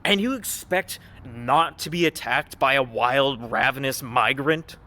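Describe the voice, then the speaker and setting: Sarcastic man with a bright, edgy voice. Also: medium pitch, unhurried, low-quality recording. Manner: sarcastic, scornful. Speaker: commentator. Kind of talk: mocking reaction commentary.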